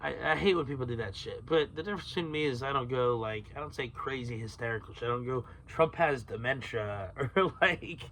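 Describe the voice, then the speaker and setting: A man's voice: mid-range voice, quick pace, few pauses, a bit bright, slight background noise. A man hosting a solo podcast, rambling through tangents, swearing freely and laughing at himself. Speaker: podcast host.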